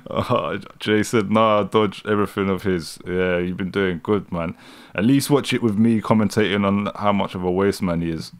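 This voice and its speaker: Lowish-voiced British male streamer, casual and mocking, reacting live to news. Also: steady tone, normal speed, smooth. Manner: mocking, laughs often, slangy.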